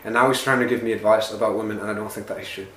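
A man's voice: on the low side, fairly even intonation, very fast, fairly bright tone, recorded from a distance. Podcast co-host, a man from California, who tells long defensive stories, trips over his words, is recorded in a reverberant room. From San Jose, California. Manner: defensive, rambling, stammering restarts. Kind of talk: casual comedic banter. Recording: roomy with faint noise.

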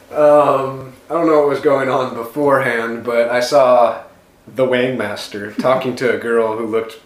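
A man's voice: medium pitch, steady tone, slow. Teasing man telling a story, roomy sound. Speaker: podcast co-host. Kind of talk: casual comedic banter. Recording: roomy with faint noise.

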